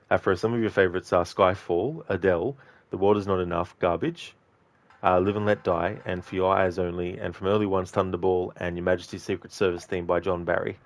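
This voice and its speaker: Male game streamer, lower voice, easygoing chat with viewers, quick to laugh. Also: steady tone. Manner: chatty, laughs often, chats to viewers by name. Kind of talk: casual livestream chat while gaming.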